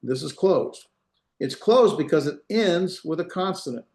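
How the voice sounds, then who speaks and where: A man's voice: on the high side, expressive, a little slow, a little mellow. Man teaching a class in a roomy room. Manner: explains step by step, repeats examples, checks understanding. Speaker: Hebrew instructor. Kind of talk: classroom lecture. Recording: roomy echo.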